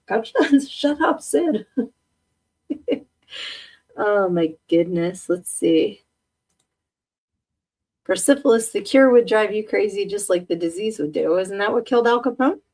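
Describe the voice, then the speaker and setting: A woman's voice: mid-range voice, a little mellow. A woman hosting a casual live podcast, chatting and joking with her audience and laughing often. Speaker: podcast host. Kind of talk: casual live-stream chat.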